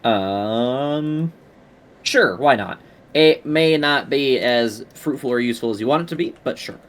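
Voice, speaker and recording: A man's voice: mid-range voice, a little slow. A man running a tabletop game as game master, talking casually with profane asides.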